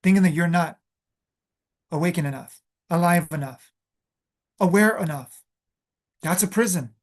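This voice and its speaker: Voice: mid-range voice, moderate pace, long pauses. A spiritual coach giving a motivational talk, stressing points by repeating phrases, with frequent fillers and restarts. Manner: loose, filler-heavy delivery.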